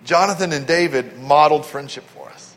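A middle-aged man preaching a sermon as pastor, telling stories with lively, acted-out voices. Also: fairly high pitch, fairly quick. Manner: animated storytelling, acting out voices. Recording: long hall reverb.

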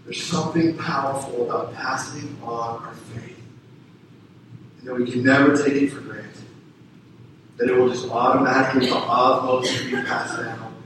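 A man's voice: mid-range voice, fairly even intonation, normal speed. A man preaching a sermon as pastor, earnestly exhorting parents and families with repeated calls to action. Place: church sanctuary. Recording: echoey room, voice from a distance with faint noise.

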